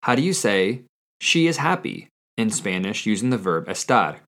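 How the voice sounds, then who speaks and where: A man hosting a language-learning podcast, reading a quiz and repeating each answer slowly and carefully. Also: on the low side, very animated, fairly bright tone. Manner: slow, careful repetition of answers. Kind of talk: scripted language lesson quiz.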